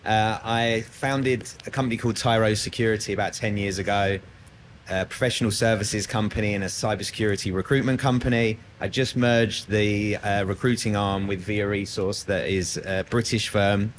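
Australian male moderator, fairly low, relaxed jokey panel banter, light background noise. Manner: jokey, chatty with filler pauses. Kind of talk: conference panel chat. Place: conference room.

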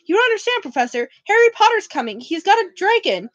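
A woman's voice: extremely high pitch, sing-song, fast talker, dry recording, voice pushed up. Woman reading a whiny sneering schoolboy. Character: sneering rich schoolboy, whiny when caught. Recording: dull, dry lo-fi recording.

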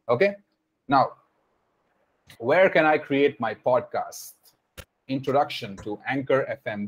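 Patient young man teaching on a video call. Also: medium pitch. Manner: explaining patiently, repeating points, many fillers. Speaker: online class instructor.

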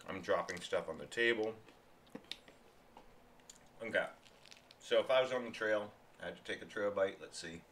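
A man's voice: lowish voice, sharp tone, a little hiss or hum. A man casually reviewing food on a stream, rambling and chatty, often talking while he chews.

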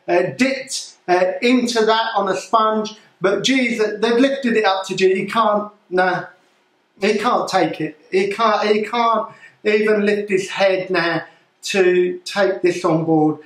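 A man, a pastor, preaching a sermon in the form of a solemn live news report, with halting restarts. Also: sits high, roomy sound, low-quality recording.

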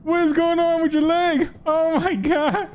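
Over game music and a noisy background, a young man provides let's play commentary as he plays a horror game, startling easily and teasing the baby character with fake insults. This gaming YouTuber's voice is very high-pitched, fairly flat in pitch, and a bit slow.

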